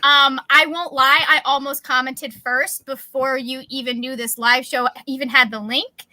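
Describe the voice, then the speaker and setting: A woman's voice: sits high, flat delivery, normal speed, bright, forceful tone, no room sound. A woman hosting a livestream in casual chat, talking over a video call, chatty and laughing often. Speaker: livestream host.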